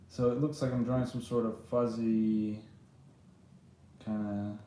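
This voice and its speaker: A man's voice: lowish voice, flat delivery, a little slow, long pauses, dark tone, a little hiss or hum. A man giving rambling, self-deprecating live commentary while he draws, laughing often. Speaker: drawing streamer. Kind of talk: casual live drawing commentary. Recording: very echoey room.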